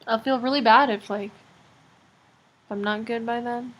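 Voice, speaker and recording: A woman's voice: a little high, fairly even intonation, unhurried, fairly bright tone. A teenage girl rambling through a casual video diary, chatty and full of fillers. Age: teens. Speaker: vlogger.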